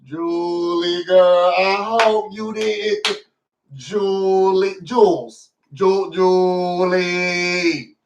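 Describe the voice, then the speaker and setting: A man's voice: high voice, drawn-out words, distant mic, noisy background. A man hosting a casual recap vlog, talking to his viewers in a sassy, theatrical way. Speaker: show recap host.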